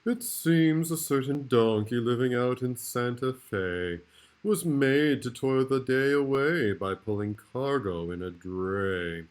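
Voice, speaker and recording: A man's voice: medium pitch, lively intonation, slow. A male kindergarten teacher reading a rhyming storybook aloud in a playful, rhythmic way.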